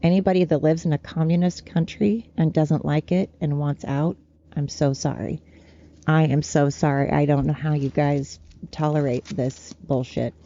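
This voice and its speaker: Gravelly, dark-voiced woman ranting. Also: low voice, steady tone, normal speed, lo-fi sound. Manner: profane, rambling, worked-up. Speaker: podcast host. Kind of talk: solo podcast rant. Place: at home with her dogs.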